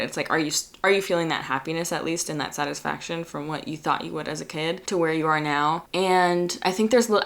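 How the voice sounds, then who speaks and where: Chatty young woman vlogging at home, lowish voice, earnest and laughy. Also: a bit bright. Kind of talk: casual reflective vlog talk. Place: home by an open window.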